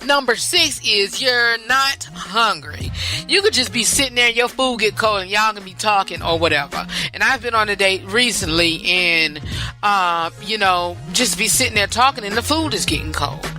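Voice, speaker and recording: A woman hosting a talk podcast rambles casually, circling back and repeating herself. Her voice is bright and forward. Faint music runs underneath. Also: mid-range voice, animated, normal speed. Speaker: podcast host. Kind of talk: casual talk-show monologue.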